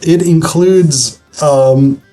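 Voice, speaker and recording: A man's voice: on the high side, drawn-out words, mellow, faint music behind. A man giving a casual online literature lecture, talking conversationally with frequent fillers and restarts.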